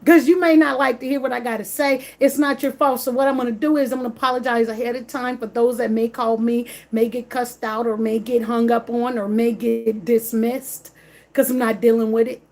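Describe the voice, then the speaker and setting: A woman's voice: a little high, level tone, fairly quick, darkish tone. A woman, vlogging in an emphatic, repetitive, slangy rant straight to camera. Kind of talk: casual direct-to-camera rant.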